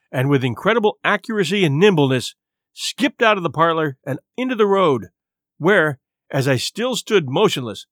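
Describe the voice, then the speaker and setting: A male audiobook narrator telling a classic adventure tale with expressive, measured delivery. His voice is fairly high and his pitch moves animatedly. The recording is dry and close to the mic. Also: dry recording. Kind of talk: scripted narration.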